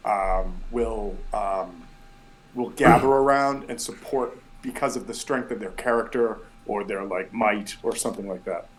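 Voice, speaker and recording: A man's voice: on the low side, measured pace, a little hiss or hum, poor audio. Rambling male game master. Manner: rambling, filler-heavy descriptions. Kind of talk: narrating a tabletop game.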